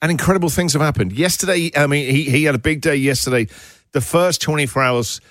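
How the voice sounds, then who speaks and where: A man hosting a radio breakfast show from the studio, teasing his co-hosts with quick comic asides. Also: fairly high pitch, a bit bright, no room sound. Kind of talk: joking radio banter.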